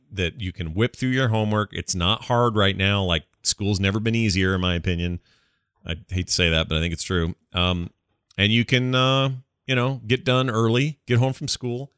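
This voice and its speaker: A man co-hosting a podcast, talking in a relaxed, rambling way with many fillers. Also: fairly low pitch, clean tone, dry recording, studio quality. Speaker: podcast co-host. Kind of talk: casual chat.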